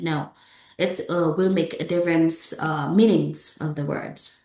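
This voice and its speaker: In an echoey room, a woman with an Indonesian accent teaches English pronunciation in a classroom lecture, taking it slowly with a mid-range voice and lively intonation. She drills model words aloud repeatedly and checks in with "okay?" and "yeah?" between them.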